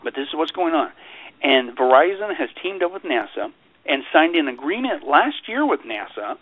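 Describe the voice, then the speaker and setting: A man's voice: a little high, normal speed, slightly rough, dry recording. Man talking over a tinny phone line. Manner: animated, repetitive, mocks others in sarcastic quotes. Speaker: guest speaker. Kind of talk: radio interview talk.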